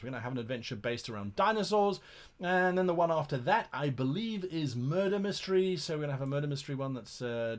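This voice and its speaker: An Englishman hosting a casual live Q&A as a game master, reading out chat questions in a chatty, enthusiastic way and often repeating words while he thinks. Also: fairly high pitch. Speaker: livestream host and game master.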